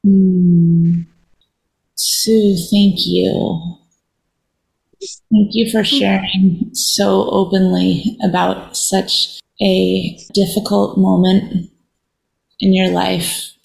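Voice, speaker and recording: A woman hosting a show, thanking a guest and leading a quiet guided reflection in a soft, measured way. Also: medium pitch, flat delivery, vocal fry, poor audio. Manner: soft, measured, with drawn-out pauses. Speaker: podcast host.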